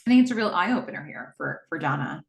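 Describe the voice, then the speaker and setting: A woman's voice: sits low, lively intonation, quick pace, vocal fry, echoey room. A woman hosting a podcast, casually recapping a TV episode scene by scene in the present tense, with frequent "um"s. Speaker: podcast host.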